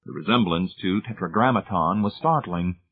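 A male audiobook narrator with a lowish, husky voice, reading at a steady, measured pace. The sound is thin and tinny, like a phone line. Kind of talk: scripted narration.

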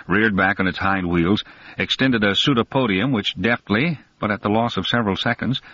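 A man with a very deep, low voice reads a story aloud in a measured, deliberate way, leaning on key words. The recording sounds dull and lo-fi, with the top end muffled. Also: fairly bright tone. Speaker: audiobook narrator. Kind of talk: scripted narration.

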